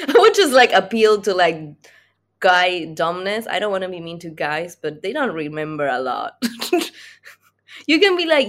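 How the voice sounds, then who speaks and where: A woman's voice: on the low side, big pitch swings, normal speed, long pauses. A woman guest on a casual podcast who giggles often and rambles while she thinks aloud.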